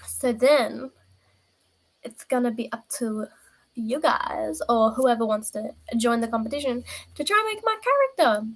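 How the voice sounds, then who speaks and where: Female streamer, slightly high voice, loose rambling chat, playful. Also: animated, a little slow, low-quality recording. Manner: rambling, self-interrupting, playful. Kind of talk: casual live-stream chat.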